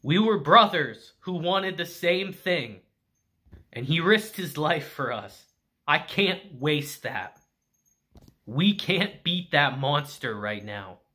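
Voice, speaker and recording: A man voicing a grieving male swordmaster, stern and vowing revenge, in a measured, firm read. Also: medium pitch, animated, bright, forceful tone. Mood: grim.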